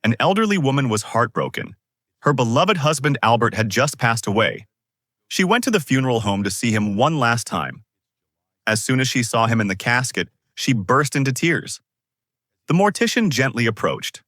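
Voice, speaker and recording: A man telling a string of jokes in a lively, scripted narration. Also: mid-range voice, moderate pace, dry recording, clean studio sound. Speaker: joke narrator.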